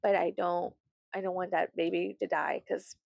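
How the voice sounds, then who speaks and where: A woman's voice: on the low side, flat delivery, moderate pace, vocal fry, a little mellow, no room sound, dull audio. A woman vlogger chatting casually, swearing often, breaking into laughter and theatrical outbursts. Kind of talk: casual chat.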